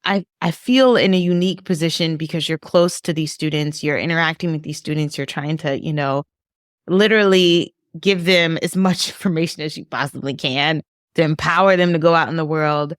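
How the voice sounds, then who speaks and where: A middle-aged woman professor speaks earnestly in a podcast discussion, her low voice halting and restarting as emotion rises. The sound is dry and close. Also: dry recording. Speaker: professor and author.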